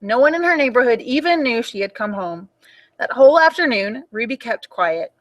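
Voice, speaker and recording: A young woman reading a picture book aloud for children at storytime, in an animated and expressive way. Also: fairly high pitch, normal speed.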